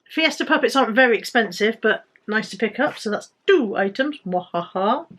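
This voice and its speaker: British woman, casual haul vlogger, higher-pitched, rambling and self-correcting. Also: fairly bright tone. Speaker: resale vlogger.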